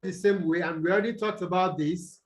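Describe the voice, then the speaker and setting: A man tutoring students over a video call, explaining slowly and quizzing them as he goes. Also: high-pitched. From Nigeria. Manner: slow, deliberate, quizzes students. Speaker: English tutor. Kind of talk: online tutorial lesson.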